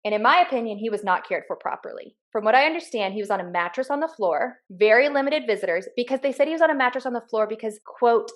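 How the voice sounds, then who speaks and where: A woman's voice: a little high, animated, a little fast, few pauses. A woman in her thirties candidly telling a personal story of losing her father, in casual podcast conversation. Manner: candid, swears freely, acts out quoted voices. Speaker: podcast co-host sharing her grief story.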